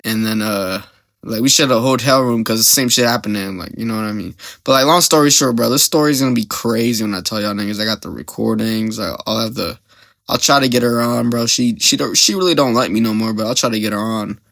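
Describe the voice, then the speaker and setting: A man's voice: lowish voice, fast talker, creaky, a bit bright, dry recording. A young man hosting a podcast, telling a story in a rambling, slang-heavy way and often getting sidetracked. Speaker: podcast host.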